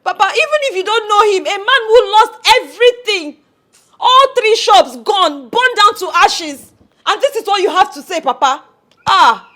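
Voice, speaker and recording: A distraught young Nigerian fiancée. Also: female voice, very high voice, big pitch swings, normal speed, a bit bright, exaggerated voice. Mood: indignant. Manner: wailing, pleading. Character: distraught young woman, engaged, emotional. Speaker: grieving fiancée. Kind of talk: film acting.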